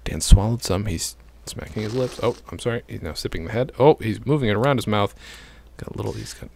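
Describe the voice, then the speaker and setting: A man's voice: on the low side, animated, fast, creaky, a little mellow. A man hosting a casual podcast from a home studio, rambling and self-deprecating with lots of jokes and fillers. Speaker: podcast host.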